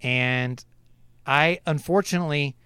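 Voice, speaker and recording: A man co-hosting a podcast in casual chat, animated and teasing, mocking critics in exaggerated voices. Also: a little high, measured pace, clear, resonant tone, dry recording. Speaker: podcast co-host.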